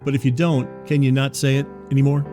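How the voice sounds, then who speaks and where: A man hosting a comedy podcast, telling a rambling story in a deadpan, conversational way. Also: mid-range voice, quick pace, soft background music. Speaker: podcast host and narrator. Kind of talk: comedic monologue.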